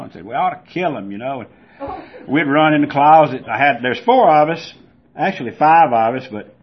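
Husky older Southern man telling his story. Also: mid-range voice. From Georgia, US. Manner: folksy storyteller who acts out voices loudly. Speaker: speaker at a recovery meeting. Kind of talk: personal testimony to an audience. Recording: dull lo-fi recording.

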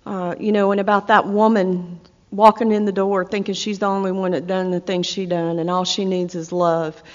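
A low-voiced woman with a drawl tells her story to a recovery meeting in a candid, self-deprecating way, stumbling over fillers and restarts. Her voice carries a long hall reverb and comes through a dull, muffled recording. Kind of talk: personal testimony talk.

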